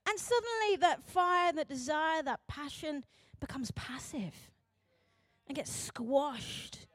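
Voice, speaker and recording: A British woman preaching a sermon in an animated, chatty way, acting out quotes and laughing at herself. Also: high voice, normal speed, no room sound, studio quality. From Britain.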